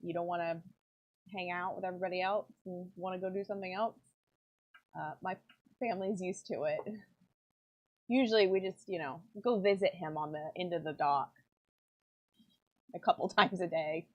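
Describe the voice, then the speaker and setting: A woman's voice: on the low side, fairly even intonation, moderate pace, pauses often. A woman rambling casually with plenty of fillers while she works in her pen workshop. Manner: rambling, chatty, many fillers. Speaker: pen maker and channel host. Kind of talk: casual chat while working. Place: home workshop. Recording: dull lo-fi sound.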